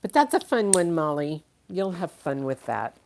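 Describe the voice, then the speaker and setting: Low-voiced, chatty woman auctioneer. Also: big pitch swings, normal speed, a little mellow, a little hiss or hum. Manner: chatty, laughs often, thinks aloud. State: tired, yawning. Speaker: live-stream auction seller. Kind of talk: casual live auction chat.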